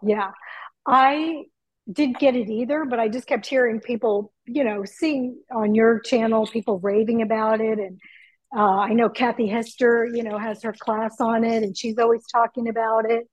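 A middle-aged woman chatting excitedly from her home kitchen over a video call, through earbuds. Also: on the high side, moderate pace, dry recording, rough recording. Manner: chatty, excitable, laughs easily. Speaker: guest.

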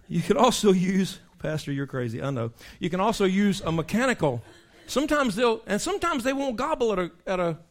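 A man, a pastor preaching in a folksy, animated storytelling way, breaking into animal call imitations. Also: high voice.

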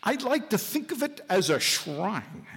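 A man reading aloud voices a boastful gangster tycoon, proud and eager, raising his voice higher than his narration. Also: big pitch swings, unhurried, fairly bright tone, breathy edge, heavily acted. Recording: live hall, long reverb.

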